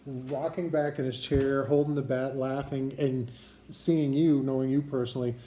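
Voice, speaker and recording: A man hosting a casual chat who sets up his guest's stories and answers them with warm agreement. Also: mid-range voice, level tone, normal speed, roomy sound, a little hiss or hum. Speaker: channel host interviewing a guest.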